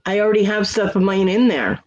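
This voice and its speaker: High-voiced man venting on a livestream. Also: a little fast. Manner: profane, aggrieved venting. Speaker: livestream host. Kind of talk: casual livestream chat. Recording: dull lo-fi stream audio.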